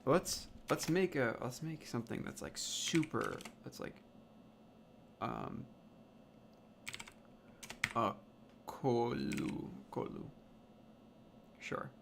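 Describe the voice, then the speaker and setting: A man's voice: mid-range voice, expressive, slow, creaky, pauses often, noisy background. A man thinking aloud as he builds a language, muttering, swearing and sounding out invented words again and again. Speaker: language creator. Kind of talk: thinking aloud while working.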